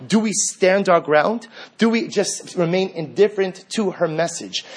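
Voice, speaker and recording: Husky-voiced man teaching a religious class. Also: sits high, measured pace. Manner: earnest, rhetorical questions, animated.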